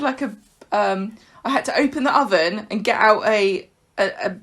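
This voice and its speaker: A woman's voice: medium pitch, normal speed, a bit bright. A woman co-hosting a podcast in casual chat. She tells stories in a chatty way and laughs often. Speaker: podcast co-host.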